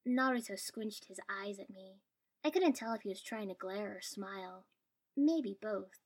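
A woman's voice: medium pitch, a little slow, breathy edge. A woman reading a first-person story aloud in a dry, wry tone. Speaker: story reader.

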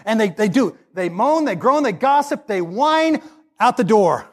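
A man preaching a sermon as pastor, telling stories and acting out the dialogue with animated delivery. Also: high-pitched, moderate pace.

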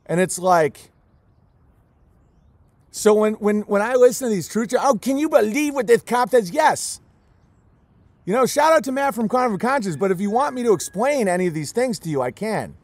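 Guy homesteader ranting at the camera, pretty high voice, worked up and teary, keeps repeating himself, dry close sound. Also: expressive, a little fast, darkish tone, no room sound. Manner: emotional, emphatic, repeats key words. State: close to tears. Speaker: homesteader raising goats and chickens. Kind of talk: impassioned vlog rant.

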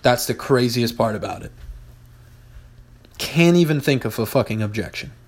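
A man's voice: medium pitch, animated, normal speed, breathy edge. Blunt, profane man talking business. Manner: blunt, profane, emphatic repetition. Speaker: podcast host, business owner. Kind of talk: casual podcast monologue.

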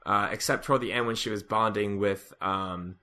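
A man's voice: on the low side, steady tone, normal speed, sharp tone. A man co-hosting a casual podcast, discussing a TV episode and often restarting his sentences. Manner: hesitant, restarts sentences with repeated "I". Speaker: podcast co-host. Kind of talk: casual chat recapping a TV episode.

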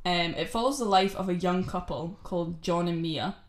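A woman's voice: on the low side, normal speed. A woman, co-hosting a casual podcast chat, blunt and sweary, laughing often. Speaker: podcast co-host.

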